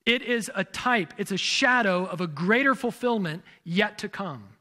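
The speaker is a pastor whose high-pitched voice has lively intonation, a sharp tone, and a moderate pace. In his sermon he expounds scripture, asks rhetorical questions, and guides listeners to the right places in their Bibles.

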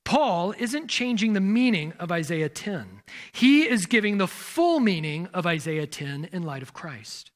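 A man's voice: sits high, big pitch swings, unhurried. A man preaching a sermon as pastor, explaining scripture and asking rhetorical questions as he tells listeners where to turn in their Bibles. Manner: expository, poses rhetorical questions.

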